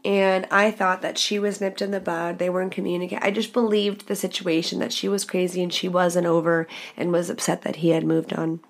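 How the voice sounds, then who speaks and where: Young female podcast host, casual confessional storyteller, lower-pitched voice, frank and expressive. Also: brisk, few pauses. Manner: candid, expressive, swears freely.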